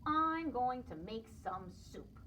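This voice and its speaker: A woman voicing a grumpy, short-tempered male varmint who talks gruffly. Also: fairly high pitch, very animated, takes it slowly, bright, forceful tone, distant mic, a little hiss or hum, pitched above the performer's own voice, heavily acted.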